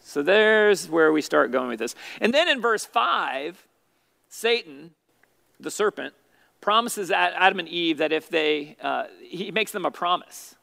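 A man's voice: a little high, vocal fry, sharp tone. A man teaching a youth Bible study as its pastor, asking questions and calling on students by name. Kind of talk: interactive Bible study lesson.

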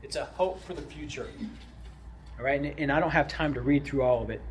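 A man teaching through a book of scripture, animated, often checking in with "right?" and moving between loud emphasis and quiet asides. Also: mid-range voice, fairly quick. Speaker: Bible teacher. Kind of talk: expository Bible teaching.

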